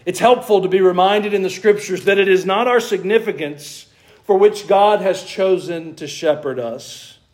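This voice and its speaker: A man's voice: high voice, normal speed. Southern man preaching a sermon. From American South. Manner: earnest preaching, varied emphasis, asks the congregation questions. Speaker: pastor. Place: church.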